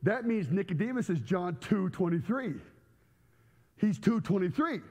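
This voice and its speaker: A man preaching a sermon to a church congregation, telling comic stories with loud outbursts. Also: high voice, measured pace, big-room sound, highs cut off. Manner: animated storytelling with comic outbursts. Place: church sanctuary.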